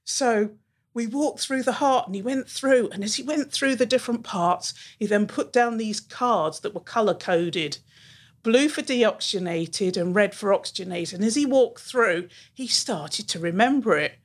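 A woman, a teacher telling lively classroom stories as a podcast guest. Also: mid-range voice, moderate pace. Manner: animated storyteller who acts out the people she quotes. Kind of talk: storytelling in a podcast interview.

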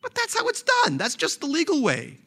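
A boastful, self-pitying financier, put on by a man reading a novel aloud, his voice pitched up high above the narration. He whines and protests, the pitch jumping all over in an animated, lively way. The delivery sounds wounded and entitled. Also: fairly quick, heavily acted. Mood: indignant whine.

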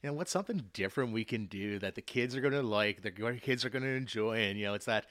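A man's voice: fairly low pitch, quick pace, a bit bright, no room sound, studio quality. A man hosting a podcast, enthusiastic and chatty, with many fillers. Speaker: podcast host. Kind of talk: casual chat.

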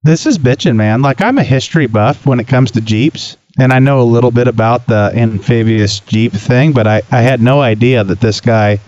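A man co-hosting a podcast, excitable and profane, with lots of slang in casual chat. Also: medium pitch, moderate pace, few pauses, no room sound, lo-fi sound. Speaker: podcast co-host.

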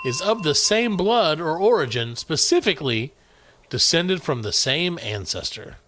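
A man's voice: fairly high pitch, big pitch swings, unhurried, noisy background. A man hosting a comedy podcast, playful and joking as he spells out and reads odd words to his co-hosts. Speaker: podcast host. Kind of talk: casual comedic chat.

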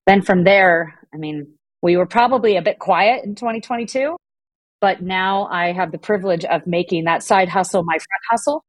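A woman's voice: lowish voice, moderate pace, no echo. A middle-aged woman from Southern California, answering interview questions in a fluent, businesslike way. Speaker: guest executive.

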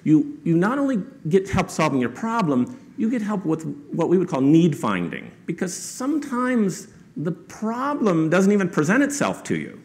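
Guy telling a story to a crowd, kinda high voice that swings all over, chatty, keeps saying "right?". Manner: animated, quotes people in raised voices; conversational with frequent rhetorical "right?". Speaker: author and guest speaker. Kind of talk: anecdotal storytelling to an audience.

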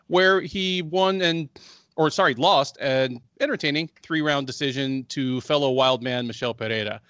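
A man co-hosting a sports podcast, reading a fight preview full of records and betting odds in a measured way. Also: mid-range voice, fairly bright tone, no echo. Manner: measured, stat-heavy delivery. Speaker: co-host.

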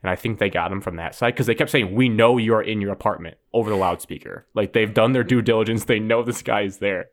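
Low-voiced young man telling a rambling story. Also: fast talker, few pauses. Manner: rambling, filler-heavy, animated retelling. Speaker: podcast host. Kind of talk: casual storytelling chat.

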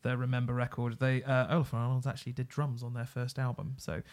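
A man's voice: mid-range voice, level tone, quick pace, darkish tone. A man co-hosting a music podcast, giving informative background and supplying words for his partner. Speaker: podcast co-host. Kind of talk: casual chat about music albums.

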